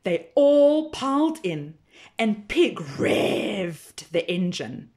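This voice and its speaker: A woman teacher reading a children's picture book aloud in a slow, expressive storytelling manner. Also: fairly high pitch.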